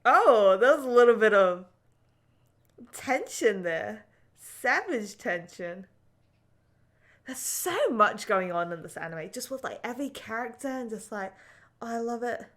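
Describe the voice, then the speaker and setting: Emotional young woman reacting with slow, heartfelt talk. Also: on the high side, big pitch swings, a bit bright. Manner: emotional, swearing, frequent "like" fillers. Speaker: anime reaction host. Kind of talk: casual live reaction commentary.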